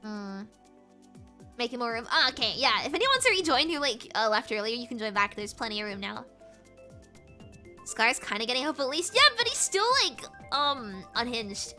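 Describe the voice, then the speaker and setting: British woman gamer streaming from home, high lively voice, giggly rambler, game music playing behind. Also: normal speed. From Britain. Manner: bubbly, rambling, giggly, lots of fillers. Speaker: VTuber streamer. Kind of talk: casual livestream chat while gaming.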